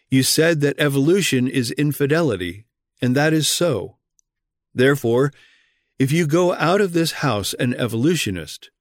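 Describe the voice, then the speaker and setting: Male reader, mid pitch, earnest read-aloud sermon that presses questions on the listener; dry, roomless recording. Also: dry recording.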